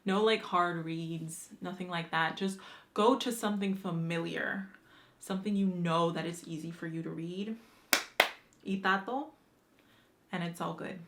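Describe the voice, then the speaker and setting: A woman's voice: lowish voice, unhurried, slight background noise. Chatty young woman book vlogger. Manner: chatty and animated, with slang and swearing. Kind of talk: casual chat answering a book tag.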